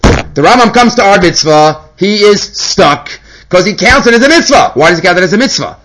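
A man giving a Torah lesson, moving quickly between Hebrew quotes and his own explanations in an animated way. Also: sits high, low-quality recording. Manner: animated, mixes Hebrew and English. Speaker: Torah teacher. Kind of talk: Talmudic lecture.

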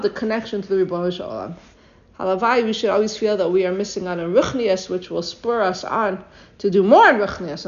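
Woman, Torah teacher, earnest, exhorting, rhetorical questions, mid-range voice, dull lo-fi sound. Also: mid-range voice. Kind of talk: weekly Torah lesson. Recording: dull lo-fi recording.

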